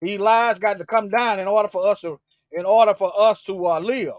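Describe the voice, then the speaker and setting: Man, very high voice, fervent livestream preaching, loud bursts and muttered asides, repeats himself, dry close sound. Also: fairly even intonation, brisk, dry recording. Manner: repeats words and restarts often. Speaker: self-styled Bible teacher on a livestream.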